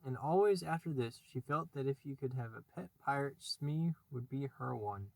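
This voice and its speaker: A man narrating a classic children's novel in a measured storytelling voice. His pitch sits in the middle range, and the recording is dry and close, with no room echo. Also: gravelly, a little mellow. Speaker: audiobook narrator. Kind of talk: scripted narration.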